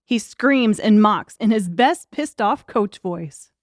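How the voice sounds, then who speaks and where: A woman's voice: mid-range voice, lively intonation, a little slow, no room sound. A woman narrating an audiobook in a wry, crude comic storytelling manner.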